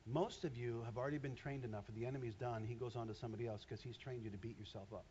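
A man's voice: medium pitch, fairly even intonation, racing, warm tone, muffled recording, a little hiss or hum. A man in his fifties preaching a conversational sermon from a church stage, acting out voices as he talks. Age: 50s.

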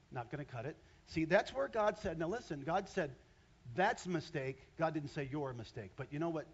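Animated preacher man in his fifties. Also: on the high side, dull audio. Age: 50s. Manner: animated, conversational preaching with acted-out voices. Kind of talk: sermon. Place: church stage.

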